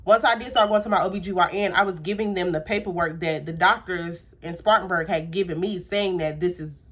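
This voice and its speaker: A woman's voice: lowish voice, brisk. Young woman, casual storytime vlogger, chatty and filler-heavy, acts out the quotes. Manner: casual and animated, with frequent fillers and acted-out quotes. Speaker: YouTuber. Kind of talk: storytime vlog.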